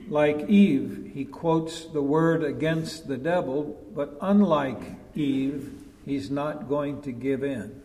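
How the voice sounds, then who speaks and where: Slow-preaching man in an echoey hall. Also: fairly high pitch. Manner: measured, emphatic, drops to a hush at key points. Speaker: pastor. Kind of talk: sermon. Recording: long echo of a large hall.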